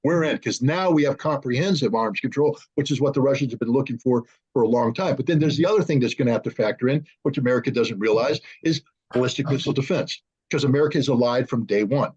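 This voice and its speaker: A man speaking as an arms control analyst in a panel discussion, animated, acting out both sides in quoted dialogue. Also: medium pitch, fast, breathy edge. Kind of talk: conversational panel talk. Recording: dull lo-fi remote audio.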